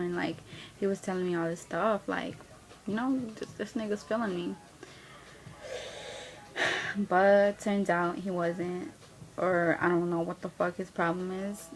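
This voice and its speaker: A woman's voice: lowish voice, rough recording. A young woman telling a blunt, profane, slang-heavy story of being played by a boyfriend. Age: young adult. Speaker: vlogger. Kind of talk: casual storytelling rant.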